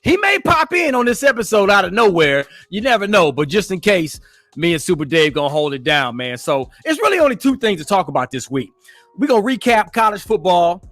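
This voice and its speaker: Male sports podcast co-host, high voice, excitable and playful, with faint music behind. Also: a little fast, no echo. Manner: hyped, playful, breaks into sing-song. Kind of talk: casual sports chat.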